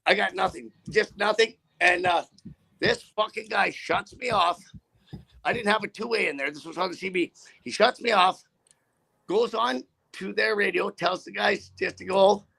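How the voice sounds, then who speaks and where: A man's voice: sits high, vocal fry, sharp tone, slightly rough. A man who drives trucks, telling a story in a casual interview with a profane, rambling, heated manner.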